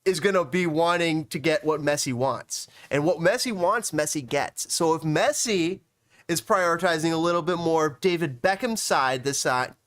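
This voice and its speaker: Excitable high-voiced man on a podcast. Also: moderate pace, no room sound, studio quality. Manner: excitable, rambling, breaks into shouts. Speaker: guest. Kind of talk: casual podcast chat.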